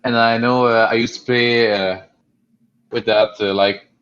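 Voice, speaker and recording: Halting young man on a lo-fi mic. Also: mid-range voice, steady tone, fairly bright tone. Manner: halting, many fillers, blunt. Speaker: podcast co-host. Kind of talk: casual chat. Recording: dull lo-fi home recording.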